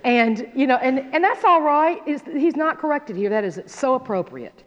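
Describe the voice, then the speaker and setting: A woman teaching a Bible study in a folksy, animated way, often checking in with her listeners. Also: high voice, moderate pace. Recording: dull sound in a reverberant hall.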